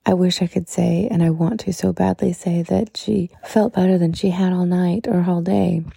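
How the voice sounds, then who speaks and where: A woman hosting a podcast, talking casually and then leading a calm, soft-spoken guided breathing meditation with slow pauses. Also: on the low side, gravelly, husky, no echo, studio quality.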